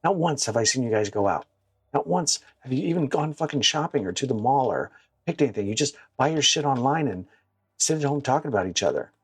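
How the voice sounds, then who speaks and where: A man giving casual gameplay commentary that turns into blunt, profane, animated stories, recorded on a clip-on mic at home. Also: mid-range voice, a little fast, slightly rough, no room sound. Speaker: gaming streamer. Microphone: wireless clip-on mic.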